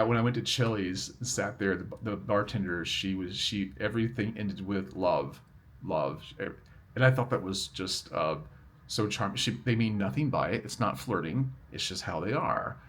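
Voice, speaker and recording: A middle-aged man with a deep, low voice chats to his camera outdoors, drifting from one story to the next in a relaxed, rambling way. Faint traffic noise sits behind him. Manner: chatty, rambling and good-humored. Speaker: vlogger. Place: outdoors near a road.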